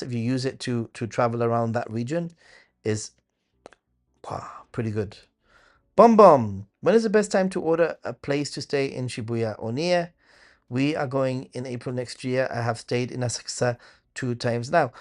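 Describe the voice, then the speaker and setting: A man at a middle pitch hosts a live question-and-answer stream, working through viewer questions at an easy pace. He thinks aloud as he goes, with frequent hesitant fillers and small restarts. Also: darkish tone. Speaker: host of a travel channel.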